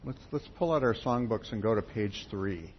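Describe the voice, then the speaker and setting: A man's voice: fairly low pitch, moderate pace. A man speaking at a spiritual gathering, a folksy storyteller who tells parables and talks straight to his group. The sound is dull and lo-fi with faint background noise. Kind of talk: sermon with storytelling.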